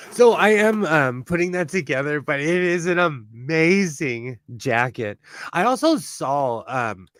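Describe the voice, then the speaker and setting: A man from California, youthful in sound and Californian in accent, hosts a sewing livestream and chats in a relaxed way, frequently laughing and starting sentences over. His voice is fairly high and fairly bright, with a dry recording.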